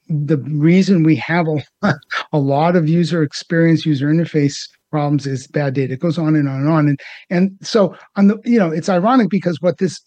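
A man's voice: fairly high pitch, mellow, no room sound. A man speaking as a panelist in a live round table, blunt and emphatic, restarting his sentences often.

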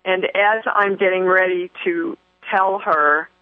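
A woman's voice: lowish voice, fairly even intonation, takes it slowly, no echo. A woman hosting a spiritual talk radio show, speaking effusively with many fillers and restarts. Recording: tinny phone-line radio broadcast.

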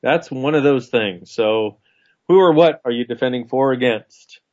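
A man's voice: medium pitch, normal speed, a little mellow, muffled recording. A man co-hosting a radio talk show, chatting casually, joking and laughing easily. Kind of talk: casual chat.

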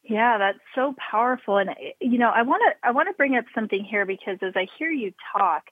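A woman's voice: on the high side, expressive, fairly quick, slightly rough, dry recording. Encouraging woman host, phone-like audio. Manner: encouraging, affirming, explanatory. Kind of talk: podcast interview. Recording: tinny phone-line audio.

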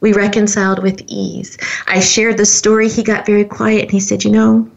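A woman's voice: medium pitch, little pitch movement, moderate pace, gravelly, muffled recording. A woman hosting a podcast, telling a personal story in an earnest, heartfelt way straight to her listeners. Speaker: podcast host.

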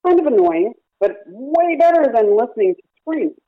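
A woman's voice: a little high, big pitch swings, moderate pace, no room sound. A woman who runs a parrot rescue, explaining her training at length with examples in a phone-in radio interview. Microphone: telephone. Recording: tinny dry phone line.

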